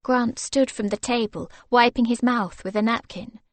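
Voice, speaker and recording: A woman narrating an audiobook in a measured, expressive manner. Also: on the high side, no room sound. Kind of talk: scripted narration.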